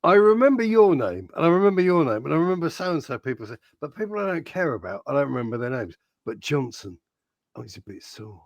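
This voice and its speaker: A man's voice: on the high side, big pitch swings, fast talker, few pauses, no room sound, dull audio. A man hosting a casual football podcast, ranting with mock outrage and plenty of swearing. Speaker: podcast host.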